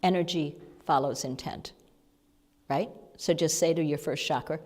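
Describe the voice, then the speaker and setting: Low-voiced woman giving a meandering spiritual talk. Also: unhurried. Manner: chatty and meandering, drops to a hushed whisper. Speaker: spiritual speaker and sound healer. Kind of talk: informal spiritual talk to a congregation. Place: spiritual center hall. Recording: long hall reverb.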